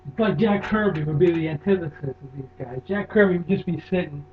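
Higher-voiced man on a tinny line. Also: quick pace. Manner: easygoing, drawling, lots of fillers. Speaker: podcast co-host. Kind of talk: casual chat.

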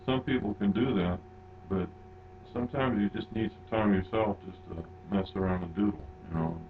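Low-voiced man chatting on a podcast. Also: moderate pace, phone-quality sound, slight background noise. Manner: relaxed, rambling, laughs often. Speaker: podcast co-host. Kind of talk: casual chat.

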